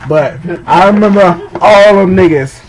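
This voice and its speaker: Over a background crowd and poor audio, a young man with a high voice tells his funny stories at normal speed. He wanders, curses, and laughs along with himself in a casual storyteller's way, with faint background noise throughout.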